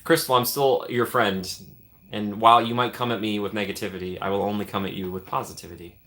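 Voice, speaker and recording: A man's voice: lowish voice, fairly even intonation, fast talker, a bit bright. A man hosting a casual live stream, chatting upbeat and answering viewers by name as he reads the comments. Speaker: streamer host.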